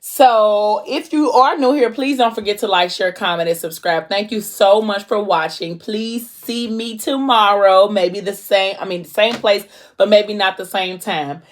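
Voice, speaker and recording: A woman's voice: mid-range voice, a little slow, few pauses. A woman vlogger casually retelling a novel, talking loosely with lots of "like". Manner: casual, heavy use of filler "like".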